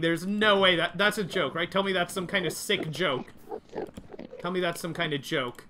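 A high-voiced man narrates a live game stream, swinging between nervous worry and excitable cheering as he addresses his chat. Steady background noise sits under his voice throughout the recording. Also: normal speed. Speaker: gaming livestreamer. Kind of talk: live gameplay commentary.

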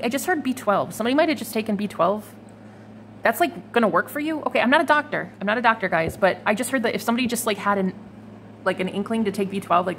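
A woman gives a loose, chatty tarot reading straight to her viewers, swearing freely as she goes. Her voice sits at a middling pitch. A faint hiss of background noise runs under it. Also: fairly bright tone. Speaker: tarot reader. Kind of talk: casual tarot reading vlog.

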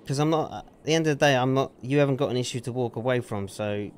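A man's voice: medium pitch, fast, slight background noise. A man in an in-character roleplay argument, aggrieved and defensive, swearing often. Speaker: roleplay streamer.

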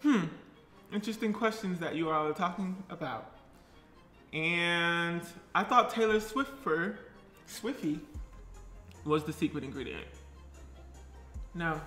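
A man's voice: fairly high pitch, expressive, slow pace, pauses often, pushed and bright, heavily acted. A man playing a tired, chatty young woman baker on a live stream, giggling and reading viewer comments aloud. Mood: perky. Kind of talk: character live stream comedy. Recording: roomy echo, faint music.

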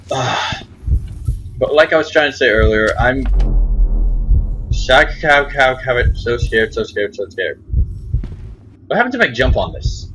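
A man's voice: medium pitch, a bit bright, slight background noise, rough recording. A young man hosting his own gaming channel, giving jumpy, frightened commentary on a horror game and muttering to himself.

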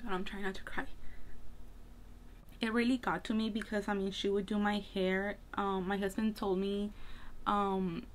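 A woman vlogger chats casually as she does her makeup. She rambles and fills her talk with little filler words. Her voice sits at an ordinary middle pitch. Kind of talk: casual get-ready-with-me chat.

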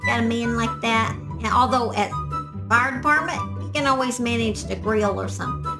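A woman's voice: a little high, moderate pace, over loud music. A woman telling a true crime story in a casual, rambling way, often sidetracked. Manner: chatty, rambling, easily sidetracked. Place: backyard shed.

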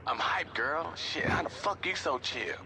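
An actor playing a brash, excitable male heist crew member who talks profane street slang. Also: fairly high pitch, unhurried, background noise.

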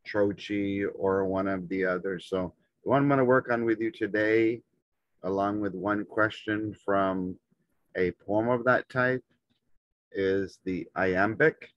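A man teaching a lesson, walking through a chart in slow, halting, short phrases. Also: lowish voice, fairly bright tone, dry recording. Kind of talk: instructional walkthrough. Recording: dull, muffled lo-fi audio.

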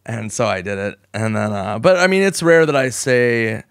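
An American comedian in his forties, guesting on a podcast, swaps stories in casual chat, cursing freely and acting out what people said. His mid-range voice is sing-song, clear and resonant, at a normal speed. The studio recording is dry and clean.

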